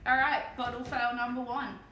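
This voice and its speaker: A woman's voice: on the high side, little pitch movement, normal speed, sharp tone, far from the mic, slight background noise. A woman from Perth with an Australian accent, chatting casually and swearing as she paints miniatures on a live stream. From Perth, Western Australia. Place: room at home. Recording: echoey room, voice off mic.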